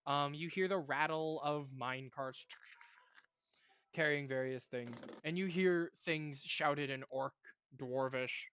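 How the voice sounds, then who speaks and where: A man running a tabletop game as game master, narrating in a relaxed, rambling way with fillers. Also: on the high side, slow, clean tone, no room sound, lo-fi sound.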